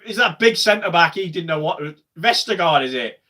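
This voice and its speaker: Bright-voiced lad on a match watch-along. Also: male voice, high voice, lively intonation, moderate pace. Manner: chatty, swings to loud shouting at goals. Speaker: football watch-along streamer.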